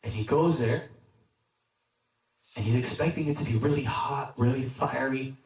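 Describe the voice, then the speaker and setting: A man's voice: mid-range voice, normal speed. A young man giving a casual youth sermon, talking conversationally with lots of "like" and acting out the characters in his stories. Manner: conversational, lots of "like", animated when quoting characters. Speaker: deacon preacher at youth group. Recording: echoey hall, mic at a distance.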